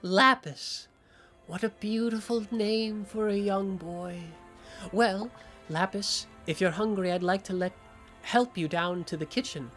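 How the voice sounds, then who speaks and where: A man voicing a kindly old woman who runs an orphanage, gentle and motherly, in a tabletop game role-play. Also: high-pitched, measured pace, soft background music, pitched above the performer's own voice. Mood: tender.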